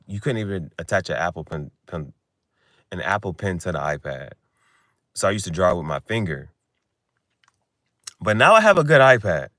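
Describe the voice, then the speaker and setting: Young male vlogger, lower voice, lively slangy late-night rambling, dry close sound. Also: no echo. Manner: loose slangy talk, laughs often, swings from loud to mumbled. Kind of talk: casual late-night chat.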